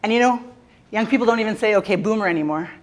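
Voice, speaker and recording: A woman's voice: a little high, animated, fast. A Canadian woman giving a playful, jokey motivational talk on a conference stage, teasing the audience. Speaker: keynote speaker.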